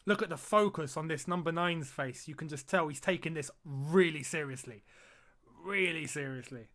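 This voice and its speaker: Hosting a football watch-along, this streamer offers live, casual match commentary in a voice that's fairly high for a man. He's excitable and chatty with his viewers, laughs easily, and cries out at the action on the pitch.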